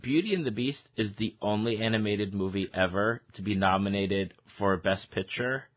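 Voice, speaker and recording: A man hosting a podcast, chatting casually about a film in an easygoing way with "uh" pauses. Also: fairly low pitch, lo-fi sound. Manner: conversational, agreeable, with "uh" pauses. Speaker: podcast host. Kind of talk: casual movie review chat.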